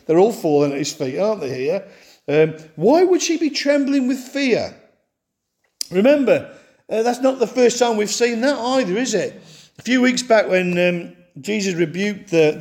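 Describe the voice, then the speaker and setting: A man preaching a sermon, telling a story in an animated way and acting out the quotes. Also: sits high.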